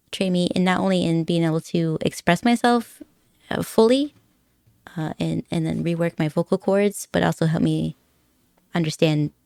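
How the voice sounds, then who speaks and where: Giggly, rambling woman streamer, low voice. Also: gravelly, darkish tone, dry recording, studio quality. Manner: rambling and giggly, laughs often; playful, teasing banter with chat. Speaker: live streamer. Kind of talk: casual live-stream chat with viewers.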